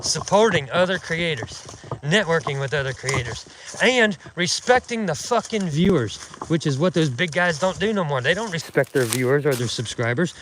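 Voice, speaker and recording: A man's voice: a little high, background noise. A man hosting an outdoors channel, delivering a profane, mocking, indignant rant while out in the woods. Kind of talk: casual ranting vlog.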